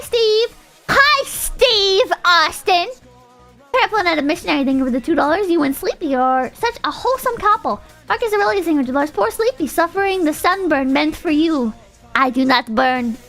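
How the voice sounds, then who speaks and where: A woman's voice: very high voice, fairly bright tone. A young woman streamer chatting casually, rambling and swearing as she rants and thanks donors. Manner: rambling, profane, ranting. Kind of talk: casual livestream chat.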